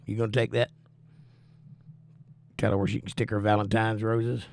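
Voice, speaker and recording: A man's voice: fairly low pitch, flat delivery, moderate pace, creaky, slight background noise. A man hosting a livestream, reading viewers' chat messages aloud and answering them with wry, teasing humor. He is out of breath and coughing while he recovers from the flu. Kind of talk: casual chat.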